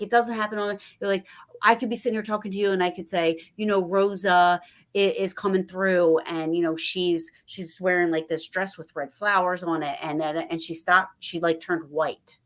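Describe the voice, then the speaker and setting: A woman hosting a podcast tells stories in a chatty, casual way, animatedly quoting other people as she goes. Her voice is on the low side and she speaks fairly quickly.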